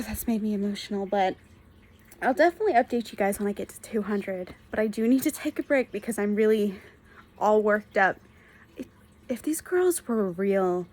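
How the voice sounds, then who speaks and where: A woman's voice: medium pitch, a little mellow. A young woman talking through her reactions to a book in a casual vlog, earnest and emotional, rambling and restarting her sentences as she goes. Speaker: book vlogger. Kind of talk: casual reading vlog update.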